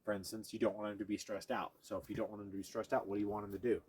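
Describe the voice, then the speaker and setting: On the low side and level in tone, a man speaks very fast with a slightly mellow, breathy quality. He's showing viewers how to train a dog, explaining each step as he goes and pausing occasionally to coax or praise the animal.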